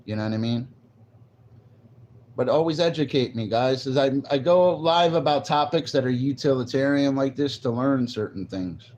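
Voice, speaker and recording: A man's voice: medium pitch, normal speed, a little mellow, a little hiss or hum. A man talking casually on a live stream, rambling loosely and answering viewers' comments. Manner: rambling, loose, restarts and reads chat aloud. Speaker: livestreamer.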